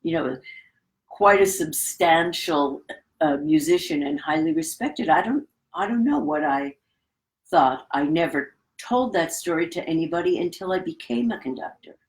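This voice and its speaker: A woman's voice: low voice, lively intonation, normal speed, low-quality recording. A middle-aged woman, a conductor, telling a reflective anecdote in a casual interview. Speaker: guest, orchestra conductor.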